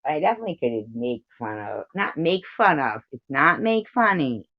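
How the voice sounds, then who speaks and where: American woman, livestream host, rambling chatty delivery, muffled low-fi audio. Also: very animated, normal speed, no room sound. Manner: rambling, giggly, reads out viewer comments. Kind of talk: casual livestream chat. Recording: dull lo-fi stream audio.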